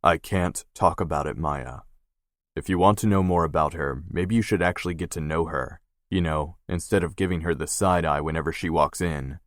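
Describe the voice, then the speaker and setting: A man voicing a gruff, guarded young male tattoo artist who talks curtly and swears. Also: extremely low pitch, normal speed, no echo, studio quality. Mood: annoyed. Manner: curt, swearing.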